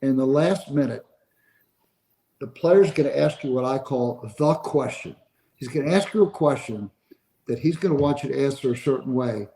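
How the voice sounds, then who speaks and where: A man's voice: medium pitch, normal speed, warm tone, low-quality recording. An older man, a sports agent being interviewed on a podcast, telling a long story and acting out the dialogue of the people in it.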